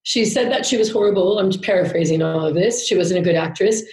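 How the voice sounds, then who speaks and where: A woman tells a long story in a loose, rambling way, cursing without a second thought. Her voice sits at an ordinary middle pitch. The recording has a roomy echo around it. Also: fast, a little mellow. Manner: candid, rambling, swears freely. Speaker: podcast guest. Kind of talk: casual storytelling chat.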